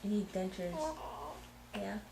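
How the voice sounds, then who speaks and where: A woman cooing baby talk to an infant in a home video, softly coaxing and repeating her questions. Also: mid-range voice, creaky, echoey room. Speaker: parent talking to a baby. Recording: noisy home video recording.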